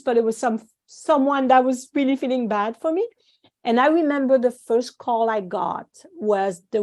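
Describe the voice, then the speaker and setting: Woman, from France, French native, fairly high voice, podcast guest, animated storyteller. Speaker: guest, acupuncturist and course founder. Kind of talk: podcast interview.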